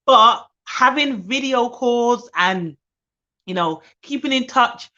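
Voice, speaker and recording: A woman's voice: fairly high pitch, takes it slowly. A young woman who works as a nanny, chatting casually and animatedly on a live stream. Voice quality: chatty, animated, laughs often. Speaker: nanny and childcare provider. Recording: dull lo-fi live stream audio.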